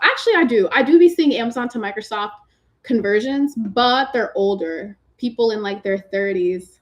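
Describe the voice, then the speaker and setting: A woman's voice: on the high side, a bit bright. A woman from Massachusetts hosting a casual livestream, chatting with viewers in a slangy way, full of "like" fillers and playful teasing. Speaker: livestream host answering chat questions. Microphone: computer mic on a video stream.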